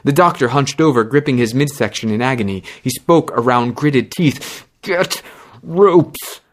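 A man narrating a fantasy story in a measured, dramatic reading. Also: mid-range voice.

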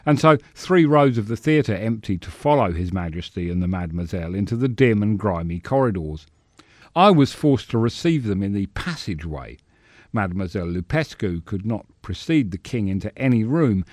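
A man reading a story aloud in a measured, dryly sardonic manner. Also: sits low, dry recording, studio quality. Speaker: narrator. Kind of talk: scripted narration.

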